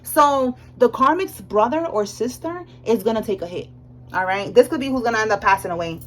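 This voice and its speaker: A young woman giving a casual tarot reading, animated and slangy, often checking in with "all right?". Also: a little high, brisk, a little hiss or hum, rough recording. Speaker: tarot reader.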